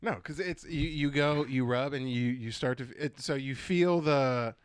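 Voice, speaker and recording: A young man on a comedy podcast, rambling through halting, crude explanations in casual banter. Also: medium pitch, clean tone, dry recording. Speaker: podcast co-host or guest.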